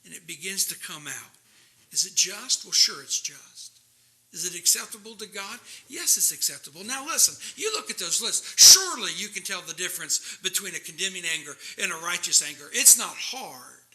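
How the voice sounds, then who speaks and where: A man preaching a sermon, swinging from quiet asides to loud, impassioned reading of scripture. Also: high voice, lively intonation, normal speed.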